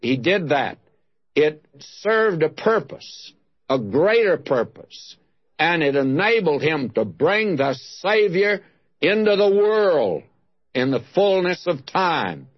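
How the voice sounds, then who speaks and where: A man's voice: a little high, sing-song, takes it slowly, slightly rough, no echo. A man preaching a sermon, teaching from the Bible and stressing single words of scripture. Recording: dull lo-fi dry recording.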